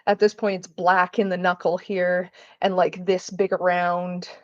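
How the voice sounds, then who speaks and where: With a lowish voice, a level tone and a measured pace, a woman vlogger tells casual stories while cooking at home in her kitchen. She swears freely and acts out the people she quotes. The recording has its highs cut off.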